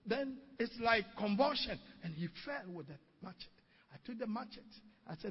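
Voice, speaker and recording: Male pastor, animated sermon storyteller; husky tone, dull, muffled sound. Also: high voice, normal speed. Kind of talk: sermon with testimony. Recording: dull recording in a reverberant hall.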